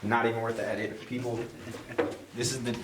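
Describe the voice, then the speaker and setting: A man's voice: medium pitch, little pitch movement, a little fast, distant mic, very noisy. A young man talking as a podcast co-host and new father, in a loose, rambling way full of "like" and "you know.". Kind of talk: casual chat. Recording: roomy, from off the mic.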